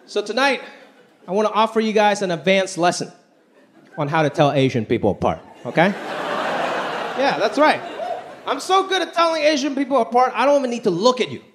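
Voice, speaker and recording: A man's voice: high-pitched, big pitch swings, a little fast, pauses often, slight background noise. A man doing a stand-up comedy set in a theater, talking conversationally with punchy delivery and exaggerated impressions. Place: large theater with live audience. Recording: live stage recording with loud crowd. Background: audience laughter and applause.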